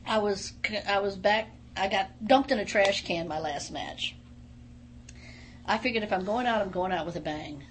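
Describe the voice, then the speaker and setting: Animated middle-aged woman telling stories. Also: mid-range voice, moderate pace, a little hiss or hum. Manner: animated, emphatic storyteller. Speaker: guest, former wrestler. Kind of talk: casual radio interview storytelling. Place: radio studio.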